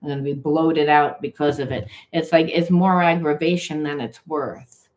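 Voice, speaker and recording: A woman's voice: low-pitched, fairly even intonation, normal speed, hardly any pauses, a little mellow. A woman doing a spiritual card reading, talking emphatically and acting out imagined dialogue between partners. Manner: repeats phrases for emphasis, loose run-on talk. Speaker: tarot reader.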